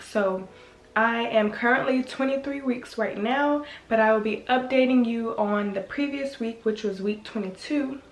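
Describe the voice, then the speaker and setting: A woman's voice: a little high, echoey room, slight background noise. A young woman vlogging casually, chatting straight to her viewers with lots of filler words. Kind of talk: casual vlog chat to viewers.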